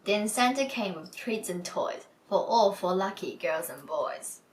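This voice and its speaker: A woman hosting a book club episode, reading a children's picture book aloud in a gentle storytelling manner. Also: medium pitch, lively intonation, unhurried, far from the mic, slight background noise, low-quality recording. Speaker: storybook reader.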